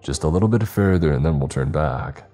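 A man's voice: very deep voice, animated, fairly quick, dark tone, soft background music. A man voicing a brash, cocky young male explorer who teases his friends. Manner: teasing, brash.

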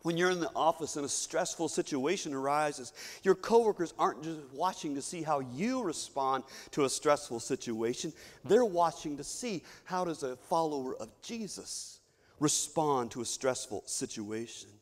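A man's voice: a little high, expressive, normal speed. A middle-aged man from Kentucky preaching a sermon and telling stories, now and then mimicking other people's voices. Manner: storytelling, mimics imagined voices. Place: church sanctuary. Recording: long reverb of a church hall.

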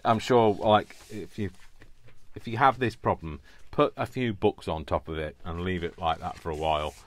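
A man's voice: low-pitched, normal speed. A man hosting a crafting video, chatting casually at his table in a rambling, self-mocking way and laughing often. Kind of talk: casual chat while crafting.

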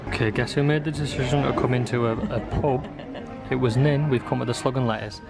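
A man's voice: mid-range voice, fairly even intonation, fairly quick, creaky. A young man chatting casually and joking around in a vlog. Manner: jokey, chatty. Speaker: vlogger. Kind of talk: casual chat. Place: pub, then hotel room.

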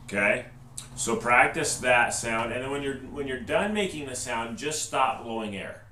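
Mid-range in pitch, with a pushed, bright delivery at a moderate pace, a male band teacher leads a patient trumpet lesson, asking "okay?" after every step. The instructional video has roomy echo, faint noise, and a distant microphone.

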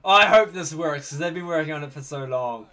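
A man hosting a casual reaction video, excitable and full of exclamations, laughing often. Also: a little high, a little fast.

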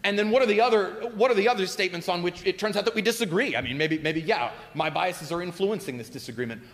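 A man answering audience questions as a guest philosopher at a public talk, speaking in an animated, expansive way with spirited emphasis. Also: high-pitched, quick pace. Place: lecture hall at a college event. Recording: hall reverb.

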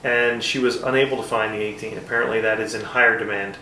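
A man's voice: lowish voice, steady tone, fast talker, bright, forceful tone, echoey room, far from the mic, slight background noise, poor audio. A man reviewing whiskey in casual chat, rambling and self-deprecating with frequent fillers.

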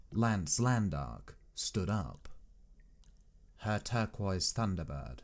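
A man reading a science fiction story aloud as an audiobook, in measured, expressive first-person narration. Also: on the low side. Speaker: audiobook reader.

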